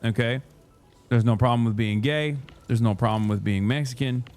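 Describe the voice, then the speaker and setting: A male streamer ranting in a sarcastic, mocking tone, cursing freely as he reacts to his critics. His voice sits at an ordinary middle pitch, with faint music playing behind him. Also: moderate pace, darkish tone. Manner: mocking, profane, sarcastic rants. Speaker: political streamer. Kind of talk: live-stream commentary.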